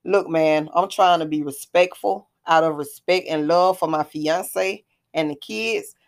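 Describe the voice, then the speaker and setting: A woman reading the part of a man protecting his fiancée, firm but holding back, in a low voice. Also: measured pace. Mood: protective. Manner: firm, restrained.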